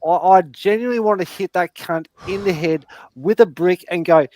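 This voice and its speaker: A man's voice: high voice, moderate pace, darkish tone, dry recording. Sweary older Australian man, dry mic. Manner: heavy swearing, heated rants. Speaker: podcast co-host. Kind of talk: casual online chat.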